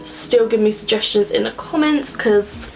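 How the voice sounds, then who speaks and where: A woman's voice: on the high side, measured pace, creaky, soft background music, low-quality recording. Rambling young woman vlogging. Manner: chatty and rambling, many filler "like"s. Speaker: beauty vlogger. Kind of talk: casual get-ready-with-me chat. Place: at home, indoors.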